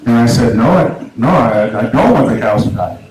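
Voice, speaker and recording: A man's voice: mid-range voice, lively intonation. A man performing a stand-up comedy set in a small club, self-deprecating, with lots of stumbles and restarts. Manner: halting, self-deprecating delivery with many restarts. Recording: echoey club room, audible noise, poor sound.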